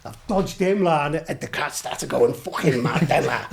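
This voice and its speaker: A man's voice: on the high side, expressive, moderate pace, vocal fry. A middle-aged man with a Liverpool accent, swearing and laughing his way through rambling stories as a podcast guest. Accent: Liverpool (Scouse). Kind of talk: casual anecdotal chat.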